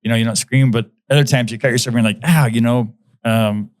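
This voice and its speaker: A man's voice: mid-range voice, fairly even intonation, quick pace, a little mellow, no room sound. A man, a magician guest in a casual podcast chat, talking hesitantly with many fillers and restarts.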